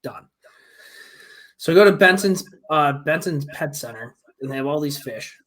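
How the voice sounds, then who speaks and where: Young male co-host, slightly higher voice, swears a lot, animated and exasperated storytelling. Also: fairly quick. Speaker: podcast co-host. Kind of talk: casual chat.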